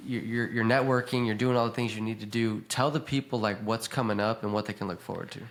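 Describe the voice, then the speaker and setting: A man's voice: fairly low pitch, fairly even intonation, fast. A man hosting a casual podcast interview who talks in a friendly, encouraging way. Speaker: podcast host.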